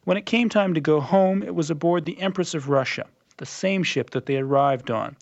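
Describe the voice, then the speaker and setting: A man reading scripted documentary narration in a measured, dramatic storytelling manner. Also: on the high side, creaky, no echo. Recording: muffled lo-fi radio recording.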